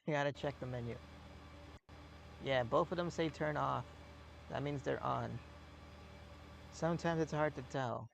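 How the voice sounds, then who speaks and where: Young guy rambling thru a farming game stream, gravelly voice, sore throat, noisy engine hum behind. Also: medium pitch. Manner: rambling, deadpan jokes, drifts off topic. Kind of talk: casual gameplay commentary.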